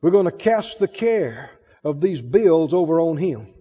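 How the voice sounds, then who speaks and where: A man's voice: a little high, animated, measured pace, dark tone, breathy edge, big-room sound, highs cut off. A male preacher delivering an emphatic sermon, calling out to the congregation for responses and acting out voices.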